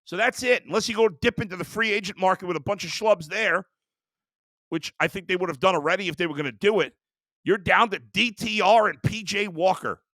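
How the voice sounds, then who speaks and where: Heated high-voiced sports rant host. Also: male voice, fairly quick, sharp tone, no room sound, clean studio sound. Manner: heated, exasperated ranting.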